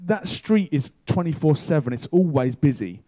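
Chatty male preacher with a mellow voice. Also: on the high side, normal speed. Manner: casual and chatty, excitable when telling the story. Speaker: pastor. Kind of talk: sermon with an animated story.

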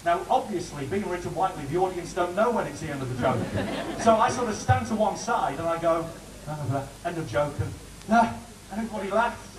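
A man doing joking warm-up patter for a TV studio audience. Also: high-pitched, fast, far from the mic, noisy background. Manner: chatty, joking, lively. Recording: roomy studio heard from afar with audience.

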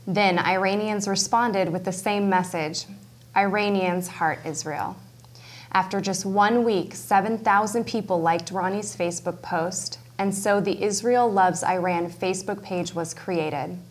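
A woman presenting a news program with a somewhat low voice. She reads her script steadily and earnestly, closing the segment as the show's host.

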